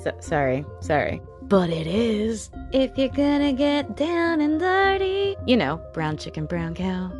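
A woman's voice: fairly high pitch, big pitch swings, measured pace, few pauses, a little mellow, soft background music. A woman casually narrating a true crime story, blunt and sarcastic, swearing in her asides.

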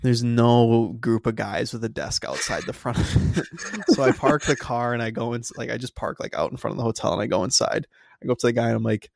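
A young man tells a story in an exasperated, casual way, swearing and laughing as he goes. His voice has a gravelly, fried edge. The sound is close and dry. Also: medium pitch, fairly quick, a little mellow, no echo. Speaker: podcast co-host.

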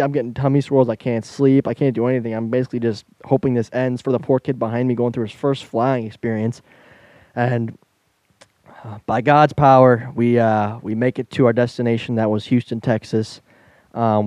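Male podcaster, animated storyteller, warm low-key timbre, dry sound. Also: brisk, no echo. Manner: animated storyteller, laughs while telling, acts out voices. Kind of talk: casual storytelling chat.

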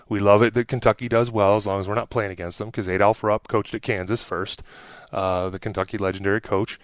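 A man in his forties, a former pro athlete telling stories as a podcast guest, with an animated, sarcastic streak. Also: on the low side, smooth, no echo. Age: 40s. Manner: animated storyteller who acts out quotes, with a sarcastic streak. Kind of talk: casual interview conversation.

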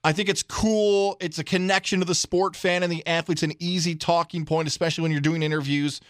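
Higher-voiced sports radio host, dry mic. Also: male voice, steady tone, fairly quick, dry recording. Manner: conversational, opinionated, steering the segment. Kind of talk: casual sports talk.

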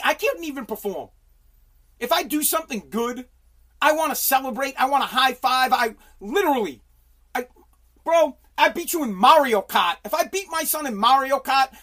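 A man's voice: high-pitched, fairly bright tone. Profane man ranting on a livestream. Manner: profane heated ranting, stumbling restarts. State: losing his voice.

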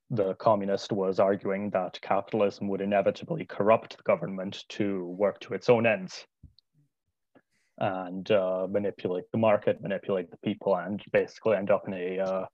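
A young man speaking as a guest in a casual interview, hesitant and full of filler pauses. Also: low-pitched, level tone, darkish tone, no room sound. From United Kingdom. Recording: dull lo-fi remote audio.

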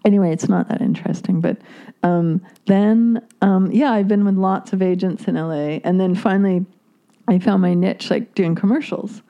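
A Canadian-born woman telling her life story as a podcast guest, hesitant and soft-spoken. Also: medium pitch, normal speed, dull audio. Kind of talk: casual interview chat.

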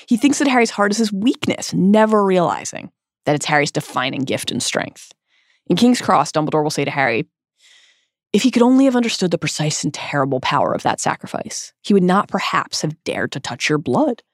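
Woman podcast host reading her notes out, pitch jumps all over, real dry mic. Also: a little fast, no room sound. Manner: expressive, emphatic reading. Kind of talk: scripted literary analysis.

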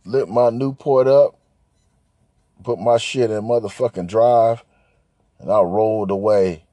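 A man's voice: on the low side, steady tone, measured pace, mellow, no echo. A man hosting a podcast, telling a crude, rambling comic rant and rapping over a beat. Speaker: podcast host. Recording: hip hop beat playing behind.

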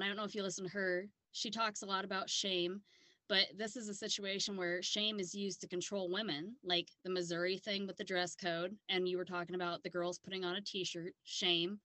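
Bright, blunt woman podcast co-host. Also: lowish voice, level tone, no echo. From South Dakota. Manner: blunt, profane, quick to laugh. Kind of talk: casual chat.

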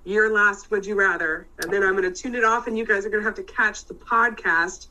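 Bright-voiced woman podcast co-host. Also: mid-range voice, fairly even intonation, brisk, poor audio. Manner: loud, profane, laughing. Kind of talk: casual live-stream chat.

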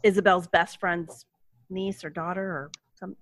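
A woman co-hosting a podcast, telling a movie plot in an animated, chatty way. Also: lowish voice, measured pace. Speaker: podcast co-host. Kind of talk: casual movie recap chat.

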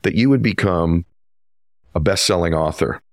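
A man's voice: low-pitched, normal speed, no echo, clean studio sound. A man hosting an interview, introducing his guest with earnest, emphatic storytelling. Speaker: podcast host.

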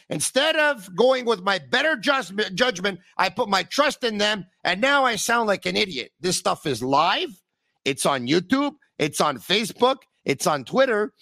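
Animated bilingual man hosting sports talk. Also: high-pitched, vocal fry, dry recording, clean studio sound. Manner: animated, switches between English and French, rants playfully. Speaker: radio podcast host. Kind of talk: live call-in sports talk.

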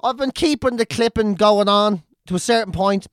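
A man's voice: high-pitched, normal speed, no echo, studio quality. A man in his forties with an Irish accent, talking in a sweary, joking casual chat as a podcast co-host. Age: 40s.

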